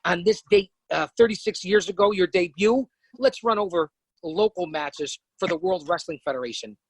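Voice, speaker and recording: High-voiced man hosting from notes. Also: sing-song, moderate pace, gravelly, breathy edge, no echo, rough recording. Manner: emphatic, addresses guest by surname. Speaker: podcast host. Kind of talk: interviewing from notes.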